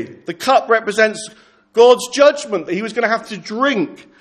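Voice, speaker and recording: A man preaching an earnest pastoral sermon, slowing down to dwell on scripture quotations. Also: high-pitched, expressive, a bit bright.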